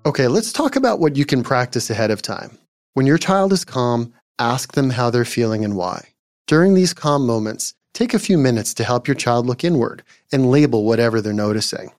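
A male psychologist hosting a podcast, giving scripted parenting advice in a calm, measured, gently instructive way. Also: medium pitch, no room sound, clean studio sound.

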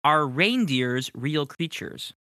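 A man acting as game master, playfully quizzing his players in quick questions and laughing often. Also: fairly high pitch, lively intonation, sharp tone, dry recording, studio quality. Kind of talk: hosting a rapid-fire question round.

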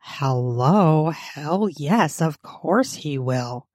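A woman putting on a husky flippant girl. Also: low-pitched, lively intonation, drawn-out words, a little mellow, no room sound, clean studio sound, pitched below the performer's own voice, heavily acted. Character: husky-voiced young woman shopper, flippant.

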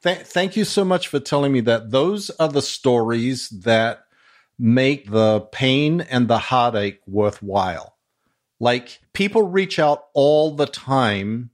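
An older man with an Australian accent, a podcast guest speaking in a measured, reflective way with touches of dry humor. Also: mid-range voice. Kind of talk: casual interview chat.

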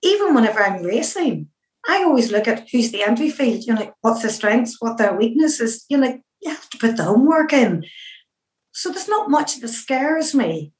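Lively middle-aged Northern Irish woman. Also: on the high side, normal speed, echoey room, poor audio. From Northern Ireland. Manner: lively storyteller who acts out her own past remarks, with many fillers. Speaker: interview guest. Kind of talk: anecdotal interview storytelling.

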